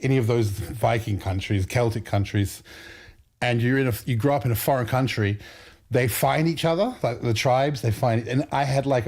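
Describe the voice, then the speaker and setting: A man's voice: medium pitch, darkish tone. Laid-back man chatting on a livestream. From Australia. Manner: joking, laughs often, rambling stories. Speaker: livestream host. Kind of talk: casual livestream chat.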